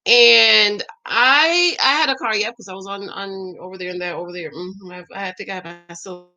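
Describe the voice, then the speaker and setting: A woman's voice: medium pitch, moderate pace. A woman giving dating and marriage advice in a casual, sassy chat, talking straight to her women viewers and calling them "girl.". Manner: sassy, animated, addresses listener as "girl"; acts out quoted voices. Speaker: relationship advice vlogger.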